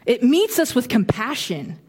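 A woman's voice: on the high side, measured pace, slightly rough. Woman preaching casually in a reverberant church. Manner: animated, acts out quoted reactions, self-deprecating humor. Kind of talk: casual conversational sermon. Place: church sanctuary. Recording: long hall reverb.

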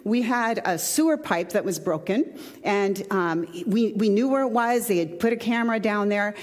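A woman pastor giving a sermon in a relaxed, conversational way with personal asides. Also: medium pitch, normal speed, long reverb tail.

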